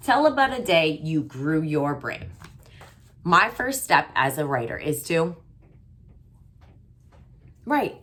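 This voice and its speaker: A woman's voice: fairly low pitch, a bit bright. A woman kindergarten teacher giving a remote writing lesson to young children, sounding out letters and stretching her words.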